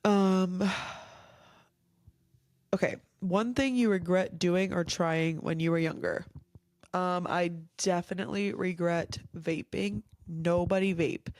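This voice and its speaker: A woman's voice: on the low side, slow, darkish tone, no echo, studio quality. A young woman hosting a casual Q&A vlog, talking in a heartfelt, rambling way while emotional and teary. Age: young adult. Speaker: vlog host.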